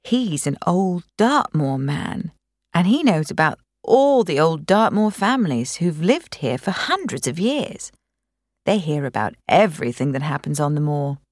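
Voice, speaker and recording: A grown brother with a practical, matter-of-fact manner and a bit of a tease, voiced by a woman reading a novel. He talks in an unhurried, slightly lowered tone. The recording is dry. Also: very animated, a little mellow, no echo, heavily acted. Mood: helpful. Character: adult brother, practical and teasing. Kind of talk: audiobook character reading.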